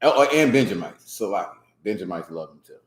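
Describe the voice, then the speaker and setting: Animated man teaching a class in a roomy space. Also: sits low, a little fast. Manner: animated, laughing, mock voices. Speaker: scripture class instructor. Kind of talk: casual teaching commentary.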